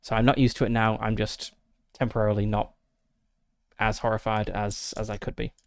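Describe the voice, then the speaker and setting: A man's voice: fairly low pitch, little pitch movement, normal speed, dry recording. A man casually narrating his solo tabletop game, methodically thinking aloud through dice rolls and rules with frequent fillers, into a close desk mic.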